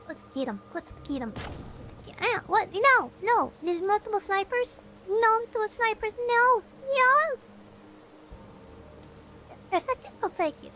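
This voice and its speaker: Goofy high-voiced vtuber woman. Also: animated, a little slow, long pauses, bright, forceful tone, a little hiss or hum. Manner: goofy and self-mocking, hums and sings along while playing. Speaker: vtuber streamer. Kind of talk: casual gaming stream chat.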